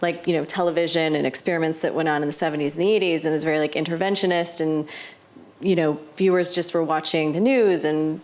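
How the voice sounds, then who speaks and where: A woman's voice: low-pitched, fairly even intonation, quick pace, a little mellow. A woman moderating a panel talk, thoughtful and hesitant, often saying "you know". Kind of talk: casual panel conversation. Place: gallery talk before a live audience.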